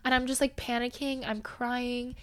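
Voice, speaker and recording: A young woman with a fairly high voice recounts a personal story in a casual, chatty way. She is animated and often rises to loud, emotional stretches as she relives the tense moments. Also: moderate pace.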